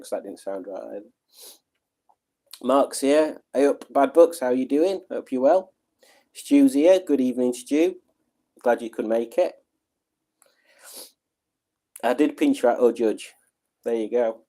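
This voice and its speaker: A middle-aged man, hosting a livestream at home in a relaxed, rambling, self-deprecating way while reading out viewer comments. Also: medium pitch. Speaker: livestream host.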